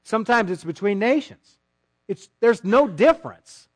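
A pastor with a high-pitched voice preaches a sermon at normal speed, with no echo in the recording. He's sarcastic and animated, acting out mock quotes from people he disagrees with.

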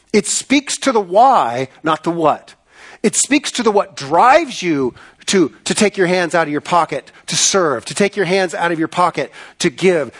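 A man's voice: sits high, fairly bright tone. A man preaching a sermon, earnest and emphatic, repeating phrases and asking rhetorical questions. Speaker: pastor.

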